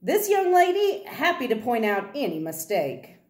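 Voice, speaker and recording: A woman voicing a calm, easygoing man who soothes a scared child in a relaxed, folksy drawl, in a storybook reading. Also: normal speed. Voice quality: rumbly. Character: calm older man paddling a canoe, gently teasing. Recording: roomy echo.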